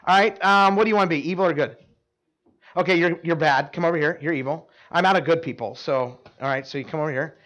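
A man delivers a sermon in a notably high voice, pulling volunteers up to act out his point. He talks in an animated way, doubling words and restarting sentences, and tosses quick asides to his listeners. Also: dull audio. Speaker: preacher. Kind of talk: sermon with live volunteer demonstration.

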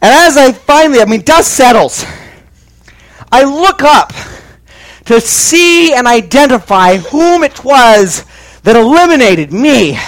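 High-voiced man telling a comic story. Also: takes it slowly. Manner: animated, exaggerated comic delivery. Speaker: speaker telling a story to an audience.

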